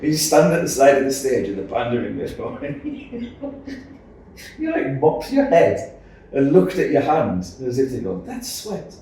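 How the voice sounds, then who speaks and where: A man chatting casually as a podcast co-host, telling lively stories and mimicking his friend. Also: mid-range voice, unhurried, slight background noise. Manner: animated storyteller, mimics others with laughter. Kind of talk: casual chat. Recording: roomy, distant mic.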